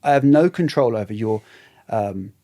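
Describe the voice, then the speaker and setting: A man, a podcast guest talking reflectively and haltingly, often trailing off. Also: on the low side, expressive, warm tone. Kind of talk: casual conversation.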